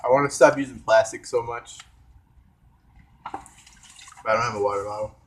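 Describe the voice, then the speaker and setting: A man's voice: mid-range voice, normal speed, a little hiss or hum. A young man vlogging in a rambling, hesitant casual monologue, talking while eating with his mouth full. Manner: hesitant, trailing off, many fillers.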